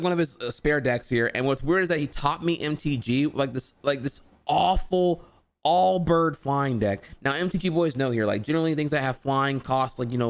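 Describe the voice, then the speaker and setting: Rambling, profane man telling a story. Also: mid-range voice. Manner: chatty and profane, heavy slang and repeated "dude"; rambling, with frequent restarts and filler asides. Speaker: streamer telling a personal story. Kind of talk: casual storytelling vlog.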